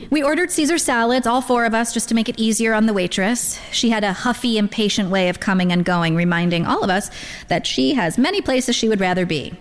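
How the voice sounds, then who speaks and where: A woman reading a literary first-person story aloud in a measured, wry storytelling manner. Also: on the high side. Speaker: narrator. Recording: long hall reverb.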